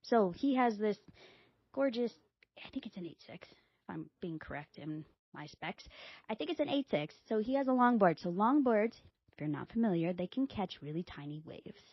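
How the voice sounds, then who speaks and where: Expressive woman podcast host with a dry, slightly dull recording. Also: moderate pace, slightly rough, no echo. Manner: animated, acts out quoted dialogue with big pitch jumps. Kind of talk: casual storytelling.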